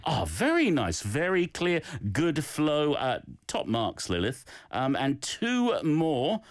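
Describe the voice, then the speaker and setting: A man's voice: a little high, wildly swooping pitch, takes it slowly, dry recording, clean studio sound. A man teaching a daily Korean phrase and giving encouraging feedback on listeners' recordings. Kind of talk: casual language lesson.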